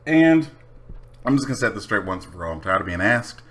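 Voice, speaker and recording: A man with a fairly low voice rants casually to his camera. He is blunt, profane and unapologetic, and his pitch swings widely as he makes his points. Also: big pitch swings, a little fast, fairly bright tone. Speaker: vlogger.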